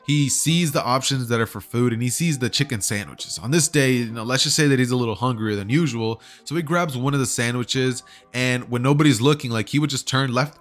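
A man's voice: medium pitch, a bit bright. A man casually telling a fan story, chatty and slangy, often checking in with his listeners. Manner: chatty, slangy, keeps asking "right?". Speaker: YouTuber.

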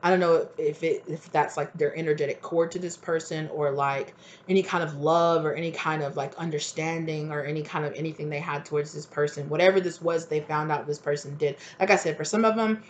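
A woman doing a casual tarot reading, rambling and animated, swearing freely and acting out what people say. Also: low voice, fairly quick, lo-fi sound, slight background noise. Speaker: tarot reader.

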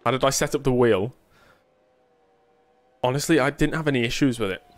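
Casual male streamer, mid-pitched, dry self-mocking wit, chats with viewers while racing. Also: brisk. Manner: chatty, answering viewers casually. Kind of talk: live gameplay commentary.

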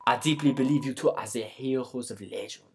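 A man reading game dialogue aloud as a gentle, solemn young prince of darkness, putting on a bad French accent. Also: medium pitch, expressive, measured pace, a little hiss or hum, close to an everyday voice. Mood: earnest. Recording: game music playing clearly behind.

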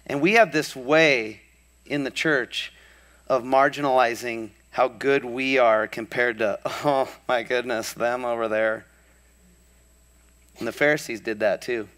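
A man's voice: mid-range voice, steady tone, measured pace, fairly bright tone. A male pastor preaching a sermon to a live congregation, storytelling with humorous asides and building to impassioned crescendos. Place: church before a live congregation.

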